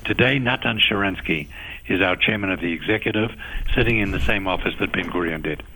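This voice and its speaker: A man with a South African accent, a guest on a radio interview, answering in a measured, explanatory way and laying out his points one by one. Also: low-pitched, pushed and bright, low-quality recording. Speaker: guest, agency official.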